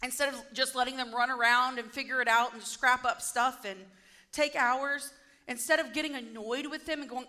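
A woman with a high, bright voice delivers a sermon in a chatty, storytelling way. She slips into quick little character voices for the people in the story. Her tone stays conversational and easy. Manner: lively storytelling, acting out quoted lines. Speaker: preacher.

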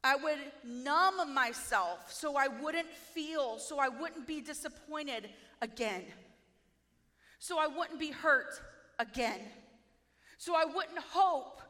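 A woman giving a heartfelt, emotional testimony in a sermon, talking slowly and sometimes near tears. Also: high-pitched, sharp tone. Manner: tearful, heartfelt, slow storytelling. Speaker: speaker sharing testimony. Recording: echoey hall with long reverb.

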